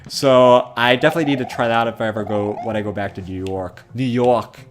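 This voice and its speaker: A man's voice: fairly low pitch, fast talker, faint music behind. A young man streaming a game from home, chatting casually, rambling and laughing as he reads chat comments aloud.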